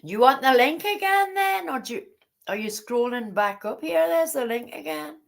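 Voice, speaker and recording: A woman's voice: high-pitched, lively intonation, moderate pace, creaky. A woman hosting a live stream, chatty and giggly, playfully scolding her guests. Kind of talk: casual chat.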